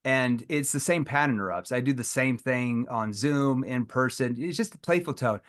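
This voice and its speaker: Animated male sales trainer. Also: mid-range voice, normal speed. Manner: animated, acts out playful quotes. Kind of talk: live sales training talk.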